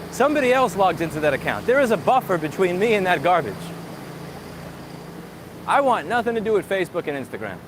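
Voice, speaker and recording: A man's voice: high-pitched, very animated, a little fast, pauses often, noisy background. A man talking casually and sarcastically while walking outdoors, ranting with profanity and dry jokes. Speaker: tech streamer.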